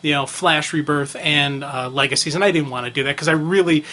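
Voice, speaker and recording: A man's voice: on the high side, a little fast, pushed and bright. A man co-hosting a podcast in casual chat, talking with rambling enthusiasm and many fillers. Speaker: podcast co-host.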